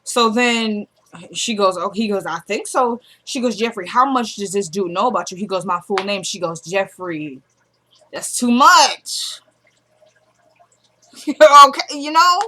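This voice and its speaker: A woman records a casual recap of a drama episode from her home. Her voice sits at a middling pitch and she talks loosely, full of asides to her viewers. When she quotes the characters she drops into a quieter voice. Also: normal speed. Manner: retells dialogue, dropping to a quieter voice for quoted characters.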